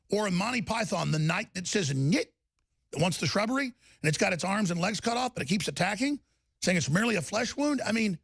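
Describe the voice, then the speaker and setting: A man's voice: sits high, vocal fry, a bit bright, husky, no echo. A man hosting a talk show, delivering heated, emphatic political commentary and repeating words as he gets riled up.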